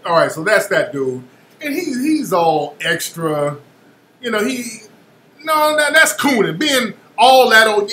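A man's voice: sits high, sing-song, measured pace, roomy sound, background noise. A male radio host giving opinionated commentary, blunt and profane, repeating phrases for emphasis.

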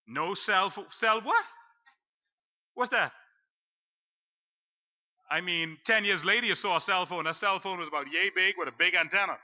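A man preaching a storytelling sermon in church, acting out his own panic and dropping to a low hush for the voice of God. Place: church sanctuary. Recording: dull lo-fi live stream.

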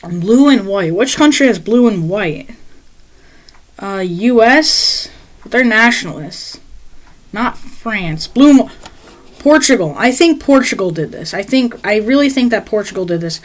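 A woman's voice: medium pitch, animated, measured pace, low-quality recording. A woman giving casual map-game commentary, rambling and unsure, with lots of fillers and self-corrections. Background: loud background music.

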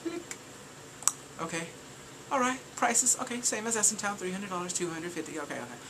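A young adult vlogger ranting casually, animated and exaggerated, full of exclamations. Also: mid-range voice, fast talker, background noise.

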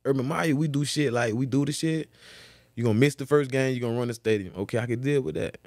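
A man tells a story in a loose, profane, animated way, marking each turn of events with a repeated beat word. His voice sits at a middle pitch. It comes through a close, dry podcast mic. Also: fast, no room sound. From Florida. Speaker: guest, former football player. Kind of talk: casual storytelling interview.

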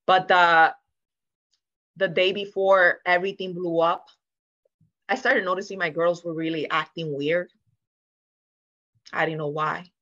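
A woman's voice: fairly low pitch, steady tone, a little slow, long pauses, bright, forceful tone, muffled recording. A woman, a guest on a sit-down podcast, telling her personal story in an earnest, emotional way and acting out what people said. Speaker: interview guest. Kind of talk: candid sit-down podcast conversation.

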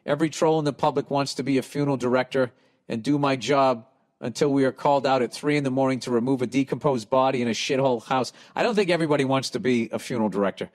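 A man's voice: mid-range voice, quick pace. A middle-aged man, hosting a podcast and reading listener letters aloud with sarcastic, profane asides. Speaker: podcast host.

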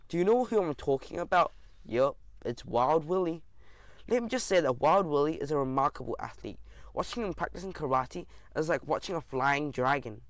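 A man reading a first-person audiobook aloud in a lively, expressive way. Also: on the high side, no room sound, lo-fi sound. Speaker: audiobook narrator.

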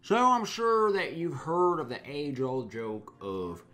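A man telling a comic story in a deadpan, mock-folksy way, rambling and restarting often. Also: fairly high pitch, slow pace, faint music behind. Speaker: comedic storyteller.

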